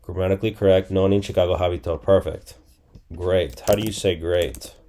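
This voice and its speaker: A man's voice: low-pitched, fairly even intonation, fairly quick, mellow, a little hiss or hum. A man in his forties teaching a casual lesson, thinking aloud and repeating phrases as he guesses them. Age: 40s. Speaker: language teacher. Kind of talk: casual screen-recorded lesson.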